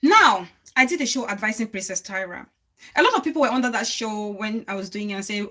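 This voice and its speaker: A woman's voice: mid-range voice, expressive, a little fast, bright, forceful tone. A woman hosting a live stream, speaking earnestly to her viewers and repeating phrases for emphasis. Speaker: livestream host.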